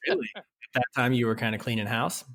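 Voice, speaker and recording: A man's voice: medium pitch, sing-song, fast, gravelly, fairly bright tone. A man co-hosting a casual podcast, playful and enthusiastic, joking at his own expense. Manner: playful, enthusiastic, self-mocking. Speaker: podcast co-host. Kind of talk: casual chat.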